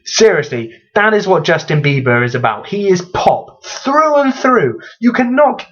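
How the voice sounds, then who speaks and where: A man's voice: on the high side, sing-song, unhurried, fairly bright tone. A young man ranting in a vlog, exasperated and sweary, rambling with frequent restarts. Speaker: vlogger. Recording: slightly dull lo-fi recording.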